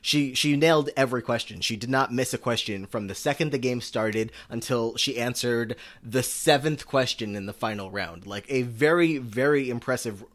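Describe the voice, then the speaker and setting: A man's voice: mid-range voice, moderate pace, hardly any pauses. A man co-hosting a podcast, recapping a game show in casual chat, rambling with lots of fillers and restarts. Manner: struggles over name pronunciations. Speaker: podcast co-host.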